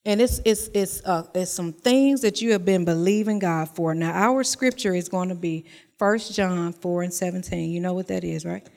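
A woman's voice: fairly low pitch, normal speed, creaky, darkish tone, long reverb tail. A woman preaching a sermon in a church, talking to the congregation and repeating her phrases. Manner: conversational preaching, repeats phrases, tells personal stories.

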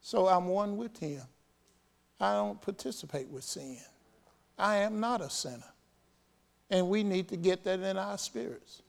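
A man's voice: sits high, unhurried, creaky, a little mellow. A man preaching a sermon with fervent call-and-response delivery and bursts of praise.

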